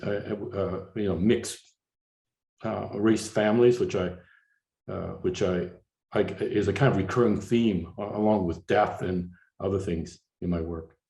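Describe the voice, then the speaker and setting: An older man from Canada walks an audience through his slides in a low voice, stopping and restarting often, his words padded with "uh" and "you know." The room is echoey, like a lecture hall. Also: mellow. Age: 60s. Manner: halting, many fillers and restarts. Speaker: artist giving a slide lecture.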